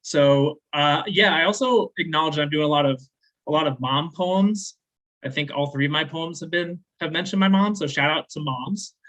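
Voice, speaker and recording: A man raised in the American South, performing spoken word poetry at a slam with measured, deliberate delivery and casual, rambling asides between poems. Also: a little high, a bit bright, low-quality recording. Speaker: slam poet.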